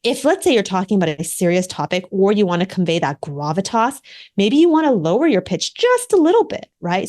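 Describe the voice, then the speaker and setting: A woman in her thirties, a communication coach and author, speaking as a podcast guest in an animated, emphatic way. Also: mid-range voice. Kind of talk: podcast interview.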